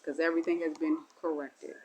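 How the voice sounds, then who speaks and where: A woman's voice: low-pitched, flat delivery, a little fast, noisy background. A woman delivering a spiritual monologue as a teacher, in a meandering, repetitive and folksy way. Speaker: self-styled spiritual teacher.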